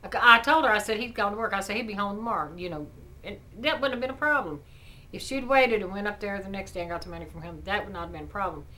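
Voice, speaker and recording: A woman's voice: medium pitch, fast, bright, forceful tone, slight background noise, poor audio. A middle-aged woman, telling a neighbor story in a chatty, indignant vlog rant. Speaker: vlogger.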